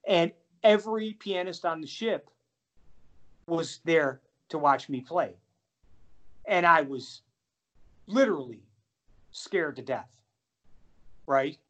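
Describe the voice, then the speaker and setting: A middle-aged man, a jazz pianist, telling animated, self-deprecating stories in a casual interview. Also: fairly high pitch, slow, long pauses. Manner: animated, self-deprecating anecdotes with many restarts.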